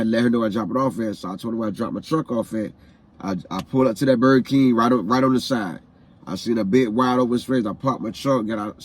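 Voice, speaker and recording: A man's voice: mid-range voice, darkish tone. A man vlogging a personal story, retelling a painful day in an emotional, repetitive way. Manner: repetitive, heartfelt retelling with phrases said again and again; emotional, grieving.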